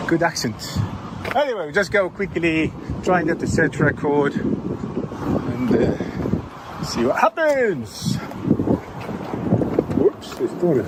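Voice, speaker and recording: A man from Oxfordshire filming police, mocking and quick to argue back. His pitch swings widely as he taunts and questions. Loud street noise sits under the recording. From Oxfordshire, England. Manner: mocking, argumentative, quick to challenge.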